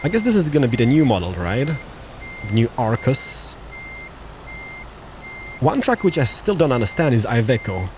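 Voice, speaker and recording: A man's voice: medium pitch, sing-song, normal speed, long pauses, background noise. A man giving casual, joking, exclamatory commentary while playing a truck driving game. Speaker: let's-play gamer.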